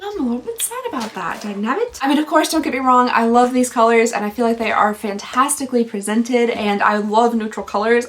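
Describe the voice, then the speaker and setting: A woman chatting through a casual makeup unboxing vlog at home. Her voice sits a little high and sounds stuffed up, with a grumbly throat. She rambles candidly as she goes. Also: a bit bright. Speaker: beauty vlogger.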